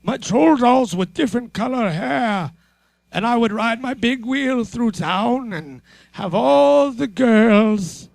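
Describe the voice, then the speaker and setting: A man's voice: expressive, takes it slowly, creaky, no room sound, heavily acted. A man voicing a cranky old man who boasts about childhood toys and takes offense. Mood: boastful. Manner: squeaky, indignant, shouting.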